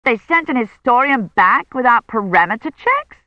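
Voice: mid-range voice, big pitch swings, a little slow, no room sound, pitched above the performer's own voice. A reader voicing a cautious, reluctant young male technician who keeps apologizing. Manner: hesitant, apologetic. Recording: dull lo-fi sound.

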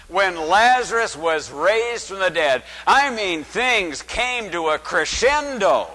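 Priest giving a sermon: high, lively and bright male voice, booming and dramatic, with long church reverb. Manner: dramatic, addresses the congregation with rhetorical questions; booming preacher's delivery. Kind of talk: liturgical sermon.

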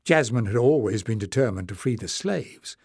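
A man narrating a fantasy audiobook in clear, even storytelling. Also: fairly low pitch, moderate pace, no echo, clean studio sound. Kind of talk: scripted narration.

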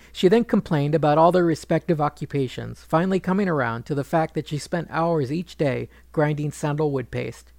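A man narrating a retelling of an ancient epic in a measured, wry manner. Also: a little high, gravelly, a little mellow, dry recording. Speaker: storyteller.

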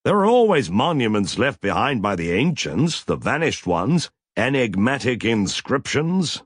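A male narrator voices an imaginative, wry male explorer whose voice climbs high when excited. He sounds incredulous and playful, with a husky, lively delivery. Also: slow pace, dry recording, studio quality, full character voice.

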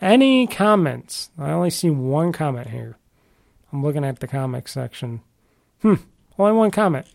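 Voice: medium pitch, big pitch swings, moderate pace, gravelly, a little mellow. A podcast host in a casual solo chat about games, rambling and often restarting sentences, with an offhand, mildly grumbling manner.

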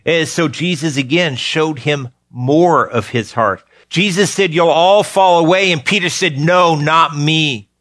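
Repetition of key phrases gives this pastor's earnest sermon its emphasis, as he alternates rising urgency with soft, low passages. The recording is dry with clean studio sound.

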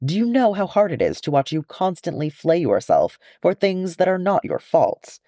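Man putting on a dwarf mother, soothing, earnest, swooping pitch, storybook reading. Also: big pitch swings, moderate pace, mellow, dry recording, clean studio sound. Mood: tender. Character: tender dwarf mother comforting her grown son.

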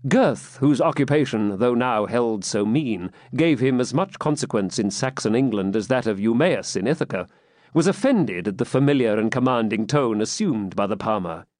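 A man narrates a classic novel in a measured, expressive reading. His pitch moves with lively range. The sound is dry and close, with no room echo. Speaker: audiobook reader.

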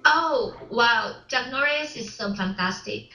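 A woman who is not a native English speaker, talking in a casual interview about her film work in halting English with many restarts, repeated words and frequent laughs. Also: fairly high pitch, sharp tone, roomy sound, low-quality recording. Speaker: actress and filmmaker guest.

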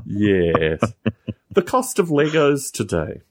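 A man's voice: on the low side, huge pitch swings, slow pace. A man in casual podcast chat, telling wry stories with sarcastic asides. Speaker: podcast co-host.

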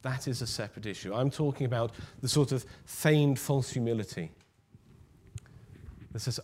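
Measured male preacher. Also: medium pitch, darkish tone, slight background noise. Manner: measured, emphatic, drops to near-whisper on key words. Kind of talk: sermon.

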